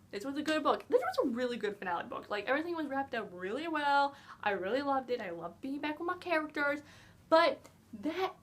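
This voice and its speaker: A woman's voice: on the high side, fairly bright tone. A young woman reviewing a book in a casual vlog, gushing and emotional, rambling with lots of fillers. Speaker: book vlogger.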